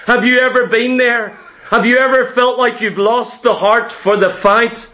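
A man's voice: very high-pitched, steady tone, unhurried, sharp tone. A man preaching a fervent sermon, repeating phrases and calling out to the congregation as saints.

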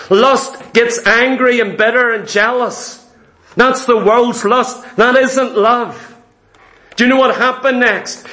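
A man's voice: very high-pitched, fairly bright tone, echoey room. A man preaching a sermon, often asking the congregation rhetorical questions.

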